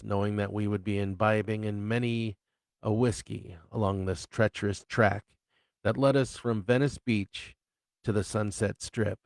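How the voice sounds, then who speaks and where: A man reads from his own novel in a slow, unhurried storytelling voice. His tone is low and gravelly, with a dry, close sound. He delivers crude humor in a matter-of-fact way. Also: a little mellow, no echo. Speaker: author reading his novel. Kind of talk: live reading of fiction.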